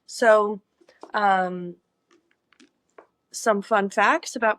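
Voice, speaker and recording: A woman's voice: medium pitch, takes it slowly, pauses often, fairly bright tone, dry recording. Playful, chatty young woman vlogger. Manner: playful, chatty, exaggerated greetings. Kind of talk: casual vlog chat.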